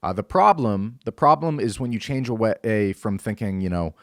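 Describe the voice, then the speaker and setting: A young man hosts his own show and gives an earnest religious talk, explaining his point step by step. His voice sits a little low, and he often stops with fillers and restarts his sentences. The recording is dry and close, with no room sound. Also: animated, moderate pace, no room sound. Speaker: show host.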